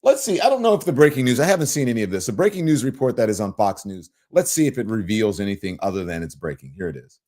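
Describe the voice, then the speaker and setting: A man from Louisiana with a softened Southern accent, hosting a livestream and reading viewer comments in an animated, emphatic way. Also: fast. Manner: animated, swooping pitch, emphatic. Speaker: show host.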